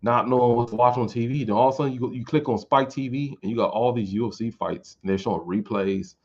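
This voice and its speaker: A man's voice: medium pitch, quick pace, darkish tone, dull audio. A man vlogging casual fight commentary in a rambling, informal way with some swearing.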